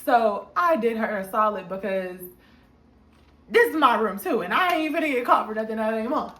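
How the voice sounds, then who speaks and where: A young woman telling a casual storytime in a slangy, animated way, jumping up high when she quotes people. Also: moderate pace. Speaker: storytime vlogger. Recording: echoey room.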